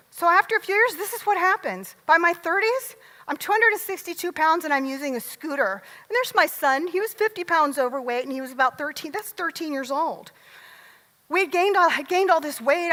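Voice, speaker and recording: A middle-aged woman giving a motivational stage talk, lively and joking, often asking the audience questions. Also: sits high. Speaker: motivational speaker. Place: large event hall. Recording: long hall reverb.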